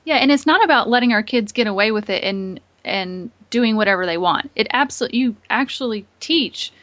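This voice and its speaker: A woman's voice: a little high, lively intonation, normal speed, a bit bright, no room sound, lo-fi sound. A woman hosting a podcast interview, affirming her guest and asking questions with many fillers. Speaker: podcast host. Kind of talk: conversational interview.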